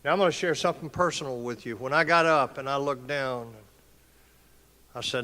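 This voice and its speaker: Brief: older male speaker, emphatic motivational address, forceful tone, echoey hall. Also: mid-range voice, fairly quick. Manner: emphatic, impassioned, preacher-like delivery. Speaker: conference speaker. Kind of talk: motivational speech. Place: conference hall.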